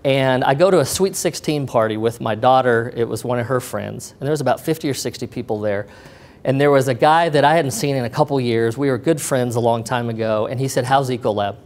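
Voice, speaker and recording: A middle-aged man giving a personal testimony to an audience, telling his story in an animated way and acting out what people said to him. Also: mid-range voice, brisk. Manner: animated retelling, acting out quoted dialogue.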